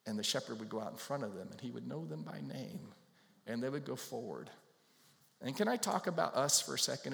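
A man preaching a sermon as pastor, animated, acting out little voices and putting questions to the congregation. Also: on the high side, vocal fry. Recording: long hall reverb.

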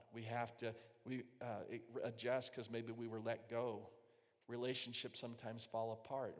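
A man preaching a sermon as pastor, earnest and emphatic, dropping to a hushed voice when he quotes prayers. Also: medium pitch, in a large hall.

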